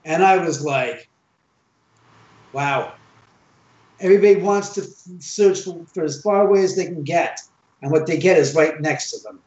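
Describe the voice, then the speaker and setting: Animated man telling stories in a roomy room. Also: a little high, normal speed, pauses often, a little hiss or hum. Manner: animated, acts out quoted dialogue. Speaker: guest, owner of a reputedly haunted house. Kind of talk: casual podcast storytelling. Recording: roomy, dull sound.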